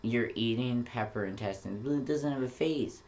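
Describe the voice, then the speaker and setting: A man's voice: medium pitch, normal speed. A man co-hosts a casual book-chat podcast and rants freely, swearing often. He slips into mocking little voices to quote people he disagrees with, and his energy rises and falls as he goes. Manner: profane, animated ranting with mocking put-on quotes. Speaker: podcast co-host.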